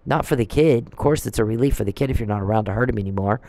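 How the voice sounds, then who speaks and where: A man's voice: lowish voice, racing, mellow, rough recording. A man delivering a preachy, emphatic religious monologue and quoting scripture.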